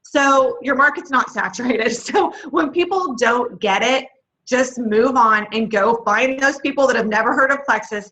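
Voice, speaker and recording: A woman talks through a video call, her voice high and bright. She coaches her sales team with folksy, energetic encouragement and laughs often. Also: rough recording. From Texas. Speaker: network marketing leader. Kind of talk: motivational team training call.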